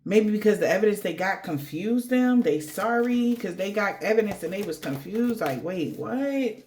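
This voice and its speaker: A woman's voice: medium pitch, animated, normal speed, darkish tone, a little hiss or hum. A woman giving a casual tarot reading, rambling in slangy talk addressed straight to the viewer. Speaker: tarot reader.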